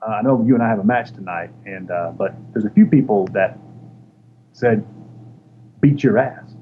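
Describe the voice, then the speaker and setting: A man's voice: on the low side, moderate pace. A man telling stories as an interview guest, acting out the other people's voices as he goes. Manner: animated storyteller acting out quoted voices. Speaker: interview guest, former wrestler. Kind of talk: casual storytelling. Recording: dull lo-fi sound with faint noise.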